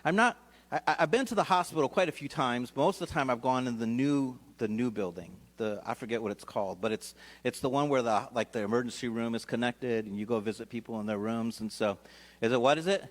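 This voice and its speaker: A man preaching a sermon as a lively personal story. His talk is loose and conversational, full of restarts. His pitch sits in a middle range for a man. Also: fairly quick. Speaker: pastor. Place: church sanctuary.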